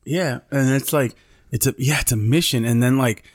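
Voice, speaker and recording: Podcast co-host, man, mid pitch, easygoing storyteller full of bro and dude, dry close sound. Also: moderate pace, no echo. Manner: laid-back, swears freely, says bro and dude. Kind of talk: casual storytelling chat.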